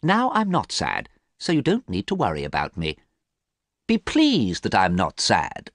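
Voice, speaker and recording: A man's voice: fairly low pitch, huge pitch swings, measured pace, no echo, clean studio sound, heavily acted. A man voicing a vain, cold young man who sounds bored and scornful, in a storybook reading. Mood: cool. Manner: bored, scornful, sometimes sharp.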